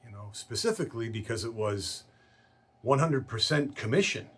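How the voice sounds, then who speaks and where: A man telling a story from his work in insurance in a casual way, acting out the people in it with lively voices. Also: medium pitch, normal speed, a little hiss or hum. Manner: animated storyteller who acts out quoted voices.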